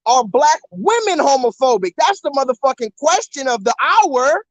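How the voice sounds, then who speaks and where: An extremely high-pitched man hosts a live stream as he walks, talking on a phone at a moderate pace with hardly any pauses. Animated and repetitive, this livestreamer keeps pushing viewers to comment in the chat. There's no echo, though the recording is rough.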